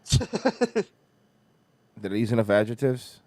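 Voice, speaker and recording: A man from Florida hosting a podcast, ranting loudly and mockingly with constant swearing. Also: medium pitch, sing-song, takes it slowly, dry recording. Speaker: podcast host. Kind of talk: profane comedic rant.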